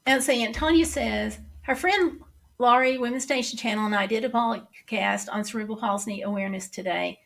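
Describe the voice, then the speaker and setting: Chatty Southern woman with a gravelly voice. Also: on the high side, moderate pace. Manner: chatty, reads comments aloud and answers them. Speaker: livestream host reading viewer comments. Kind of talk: casual livestream chat.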